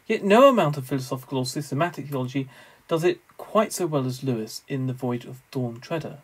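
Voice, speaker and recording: A man lecturing on theology in a measured, scholarly way, with the odd wry aside. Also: mid-range voice, expressive, slightly rough, rough recording.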